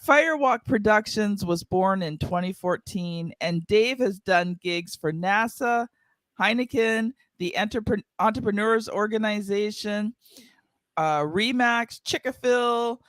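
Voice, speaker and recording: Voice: mid-range voice, measured pace, a bit bright, no room sound. A podcast host reading a guest's introduction and then chatting casually with him.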